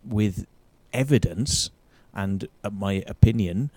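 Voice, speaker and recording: Man, host, swearing rant, low voice, dark tone, dry sound. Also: slow pace, no room sound. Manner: combative, profane ranting. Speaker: show host. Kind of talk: commentary on an interview clip.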